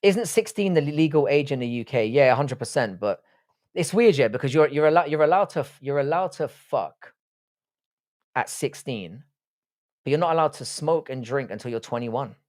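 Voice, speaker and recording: A man's voice: medium pitch, animated, normal speed, darkish tone. Profane Southwest London man hosting a stream. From England. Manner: profane, teasing banter. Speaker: live stream host. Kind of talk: casual live-stream chat reading comments.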